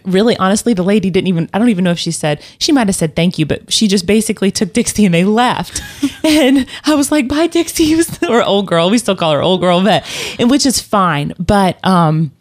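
A woman's voice: fairly low pitch, fairly quick, hardly any pauses. A woman telling a personal story in casual conversation, rambling with fillers and restarts. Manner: rambling, many restarts and fillers, laughs often.

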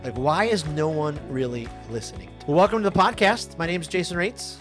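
A man in his forties hosting a podcast, telling a personal story in an animated, conversational way. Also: a little high, a little fast, soft background music. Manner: animated storyteller, lively swings in loudness. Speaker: podcast host.

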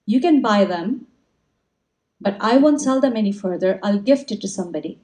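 A woman's voice: medium pitch, expressive, normal speed, warm tone, close to an everyday voice, low-quality recording. A woman voicing an eager, thoughtful eight-year-old boy who sells bubbles on the street, speaking earnestly.

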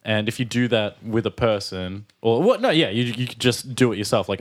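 A man's voice: fairly low pitch, lively intonation, normal speed, few pauses. A man co-hosting a casual podcast, rambling with lots of fillers and repeated words, joking along. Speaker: podcast co-host. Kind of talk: casual chat.

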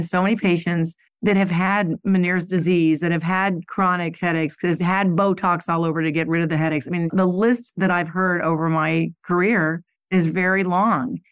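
A woman's voice: on the low side, fairly even intonation, moderate pace, few pauses, smooth, no echo. A woman hosting a podcast interview, enthusiastic and admiring. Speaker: podcast host.

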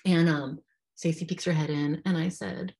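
Low-voiced woman telling a heartfelt story. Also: steady tone, normal speed, creaky, darkish tone. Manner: heartfelt, frank, peppered with "like". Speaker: podcast guest. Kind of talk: candid personal storytelling.

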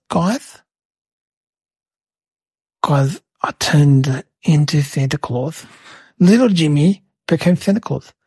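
A cheeky little boy, voiced by a woman, rambles through a silly story, peppering it with "like" and "right?". His voice sits low and gravelly with a husky edge. The recording is close and dry. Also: mellow, no room sound, full character voice. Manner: rambling, chatty, full of "like" and "right?". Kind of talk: storytelling to camera.

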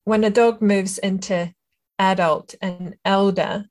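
A woman's voice: medium pitch, fairly even intonation, takes it slowly, a little mellow. A woman hosting an interview, asking thoughtful questions with hesitant restarts. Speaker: podcast host. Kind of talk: casual interview chat.

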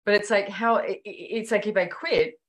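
In a mid-range voice at normal speed, a woman author speaks as a podcast guest in relaxed conversation. She recounts stories with animation, voicing the quoted lines herself, and uses many fillers like "like" and "you know".

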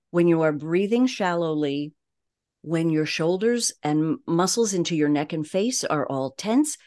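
A woman with a Long Island accent speaks in a fairly low voice as a voice coach on a podcast. She talks at a measured cadence and leans on deliberate pauses. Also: a little mellow. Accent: Long Island New York. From Long Island, New York. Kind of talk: podcast interview.

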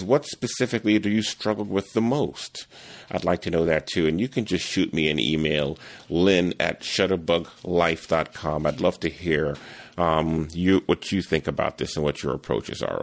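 A man hosting a solo podcast on photography, talking casually, rambling a little with restarts and repeated words. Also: sits low. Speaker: podcast host, photography teacher.

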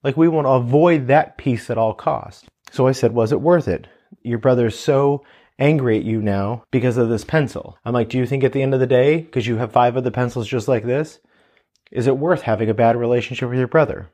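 Man, 30s, mid-pitched, earnest parent talking through advice, storytelling tone. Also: brisk, dark tone. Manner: earnest, storytelling with quoted dialogue. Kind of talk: casual advice talk.

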